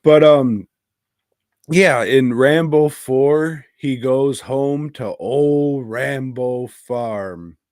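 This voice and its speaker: A man's voice: mid-range voice, drawn-out words, a little mellow, no echo, clean studio sound. A man co-hosting a podcast, reviewing movies in a profane, rambling and irreverent casual chat. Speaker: podcast co-host.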